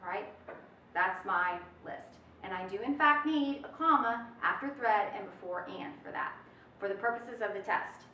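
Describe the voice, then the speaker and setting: A woman teaching a webinar grammar lesson in a lively, folksy manner, drawing out her examples for emphasis. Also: medium pitch, moderate pace, recorded from a distance, slight background noise. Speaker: test prep instructor. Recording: echoey room, off-mic.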